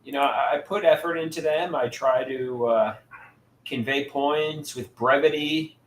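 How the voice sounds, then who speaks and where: A man hosting a casual livestream, reading out viewers' chat and answering them in a halting way, often repeating words and restarting sentences. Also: mid-range voice. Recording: roomy echo, faint background noise.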